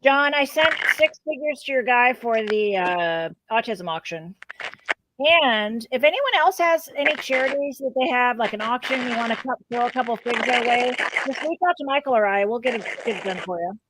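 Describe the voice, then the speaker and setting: A woman's voice: a little high, animated, normal speed, noisy background. Chatty, playful woman hosting a livestream. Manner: chatty, playful, thinks aloud with fillers. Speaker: host. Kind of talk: casual livestream chat.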